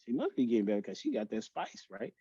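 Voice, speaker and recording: A man talking as a podcast guest in a personal, emotional conversation, speaking haltingly with many restarts and fillers. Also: medium pitch, huge pitch swings, mellow, husky, no room sound, highs cut off.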